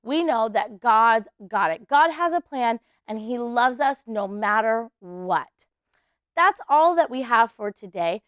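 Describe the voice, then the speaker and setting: A woman teaching preschoolers at church, telling a Bible story in an animated way and getting the kids to act along. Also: a little high, a little slow, clear, resonant tone, no room sound, lo-fi sound. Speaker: children's ministry teacher.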